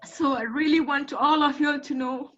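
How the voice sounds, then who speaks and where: A woman's voice: high-pitched, fairly even intonation, fairly quick, fairly bright tone, highs cut off. A woman with a Malaysian English accent, a guest telling of her own past in an emotional, emphatic way, close to tears. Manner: tearful, emphatic storytelling. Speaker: guest, survivor of domestic violence. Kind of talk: emotional personal testimony.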